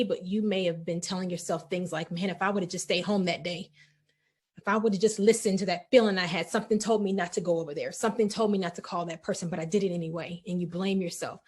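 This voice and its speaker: A middle-aged woman hosting a faith-based wellness talk, earnest and encouraging, repeating reassurances and sounding emotional. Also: fairly low pitch. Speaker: host.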